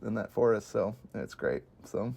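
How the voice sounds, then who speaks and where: A man co-hosting a casual movie podcast, excitable, laughing often and acting out quotes. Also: fairly low pitch, moderate pace, gravelly. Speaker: podcast co-host.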